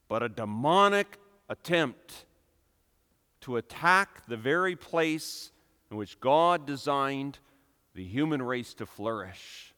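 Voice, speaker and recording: A man preaching a sermon with emphatic delivery, building to loud, impassioned peaks. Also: medium pitch, lively intonation, slow, clean tone. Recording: long reverb of a hall.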